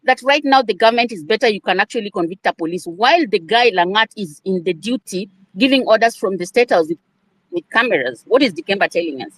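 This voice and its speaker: A woman makes her point in a heated live audio discussion. She presses hard and returns again and again to the same question, sounding emotional. Her voice is dry and close, with mid-range pitch. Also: lively intonation, fast, no echo. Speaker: participant in an online audio discussion. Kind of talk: impassioned debate.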